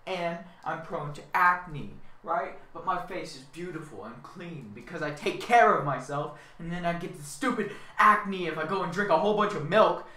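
A man's voice: a little high, moderate pace, few pauses, bright, forceful tone. A young man rambling in a whiny, self-mocking rant, repeating himself as he complains. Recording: echoey room, far from mic.

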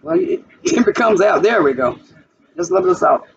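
A woman's voice: fairly low pitch, big pitch swings, fairly quick, vocal fry. A woman hosting a cooking vlog in her home kitchen, chatting straight to her viewers as she cooks. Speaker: cooking channel host. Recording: distant, muffled, noisy.

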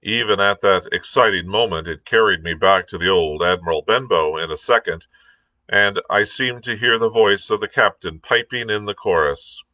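A male librarian reading a classic adventure novel aloud, unhurried, with the occasional filler and slip. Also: fairly low pitch, pushed and bright, dry recording. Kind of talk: storybook read-aloud.

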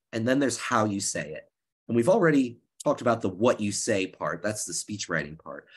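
A man with a head cold, hoarse, giving an earnest workshop talk over a video call and often restarting his phrases. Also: lowish voice, a bit bright. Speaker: speech contest coordinator. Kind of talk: workshop presentation.

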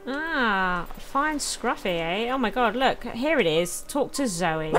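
A woman giving casual commentary as she plays a game, thinking aloud and exclaiming often. Her voice is bright and lively in pitch, and she talks at an unhurried pace. Soft game music plays faintly behind her. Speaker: let's play host.

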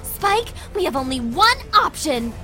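A woman doing a shrill, brash young pony. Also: big pitch swings, unhurried, loud music behind the voice. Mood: urgent. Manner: brash, shouty. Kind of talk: crude cartoon parody acting.

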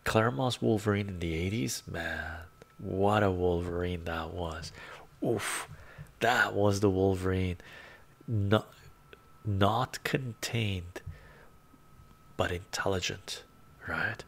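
Laid-back man, low and gravelly. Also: slow pace, pauses often. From Canada. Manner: soft-spoken, laid-back, chuckles often, drifts into whispers. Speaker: live-stream host reading chat. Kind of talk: casual live-stream chat.

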